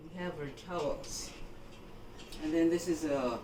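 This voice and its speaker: A woman from Jamaica gives an unhurried, instructive housekeeping demonstration and keeps checking in with her viewer. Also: sits low, mellow. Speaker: housekeeping vlogger. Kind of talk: home laundry-folding demonstration. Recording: echoey room, voice from a distance, background noise.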